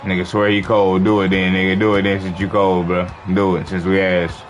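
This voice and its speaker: A man's voice: low voice, level tone, brisk. A man streaming a basketball video game live, ranting profanely and exasperatedly at another player. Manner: profane, exasperated trash talk. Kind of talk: casual gaming commentary. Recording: background noise.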